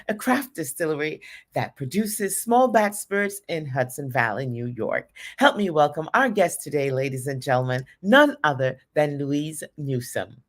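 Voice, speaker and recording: Woman host, middle-aged, lower pitch, upbeat and effusive on a live talk show.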